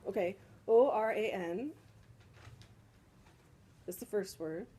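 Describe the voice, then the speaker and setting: A woman's voice: medium pitch, takes it slowly, mellow, a little hiss or hum, poor audio. Woman teaching a small group. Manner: explains patiently, checks understanding with "right?". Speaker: spiritual teacher leading a salon. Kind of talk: casual group discussion teaching.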